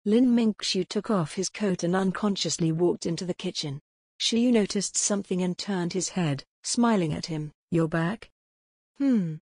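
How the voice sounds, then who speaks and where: A woman reading an audiobook aloud with even, steady pacing. Her voice is a little low and soft with a breathy edge, and the recording is close and completely dry. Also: normal speed, dry recording. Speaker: audiobook narrator. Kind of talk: audiobook narration.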